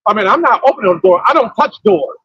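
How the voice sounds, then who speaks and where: A woman's voice: mid-range voice, lively intonation, quick pace, a bit bright, breathy edge, no room sound, lo-fi sound. A man mimicking a haughty woman on a date who insists she does not touch doors, in a prim, stubborn manner.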